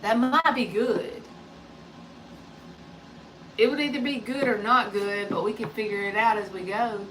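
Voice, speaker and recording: A woman's voice: medium pitch, fairly even intonation, unhurried, long pauses, fairly bright tone, far from the mic, rough recording. A woman in her forties chatting casually and jokingly on a live stream as a tarot reader, passing along remarks from someone off-mic. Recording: voice a bit off-mic, faint background noise.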